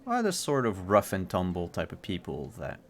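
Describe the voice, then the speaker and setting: A man narrating a tabletop role-playing game as game master, halting, with frequent fillers and restarts. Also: low voice, huge pitch swings, a little hiss or hum.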